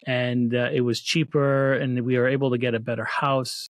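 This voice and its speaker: A man tells his own story as an interview guest, earnest and faith-filled, often restarting his sentences. His voice sits at an ordinary pitch and is recorded close, with a dry sound. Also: little pitch movement, moderate pace, no echo. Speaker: guest, children's book author. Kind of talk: casual interview talk.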